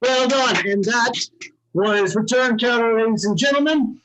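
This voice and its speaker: An upbeat host of an improv show, introducing the next game and calling on the audience for suggestions. The voice is mid-pitched and comes through a video call. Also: moderate pace, a bit bright, dull audio. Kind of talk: emcee asking the audience for suggestions.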